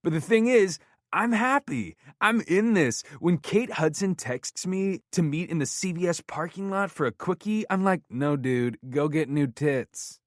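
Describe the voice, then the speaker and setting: A man doing a celebrity comedian holding court, his voice jumping well above a speaking baritone and much louder, crude and boastful. The delivery is bragging and cocky, in a dry, close recording. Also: expressive, unhurried, no room sound. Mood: joking bit. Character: brash loud male celebrity comedian.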